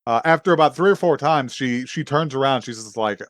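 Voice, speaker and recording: A man's voice: medium pitch, fairly quick, a bit bright, no echo, studio quality. A young man co-hosting a podcast, casually recapping an anime episode, often laughing and acting out the characters' lines. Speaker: podcast co-host.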